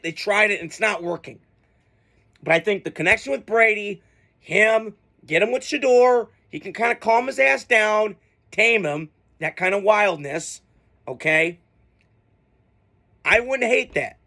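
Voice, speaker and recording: A man's voice: sits high, pushed and bright. A man ranting through a football reaction video in a blunt, profane, worked-up way, swearing freely at his team and its coach. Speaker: sports fan vlogger. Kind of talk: profane sports reaction rant.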